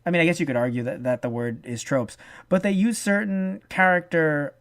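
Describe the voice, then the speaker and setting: A man co-hosting a casual review podcast. He talks in an animated way, swears, restarts his sentences and acts out the lines he quotes. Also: on the high side, a little fast. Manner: profane. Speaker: podcast co-host.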